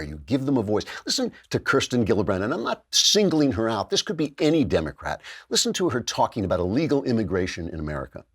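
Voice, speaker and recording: Older guy ranting on his show, husky voice, pitch jumps all over. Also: sing-song, fairly quick. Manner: impassioned, rhetorical, puts on mocking voices for others. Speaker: podcast host. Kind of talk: opinion monologue.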